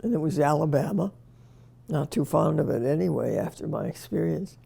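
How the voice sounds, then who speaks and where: A woman's voice: low voice, expressive, normal speed, vocal fry, warm tone, breathy edge. An older woman reminiscing in a casual interview, telling wry anecdotes and chuckling at herself.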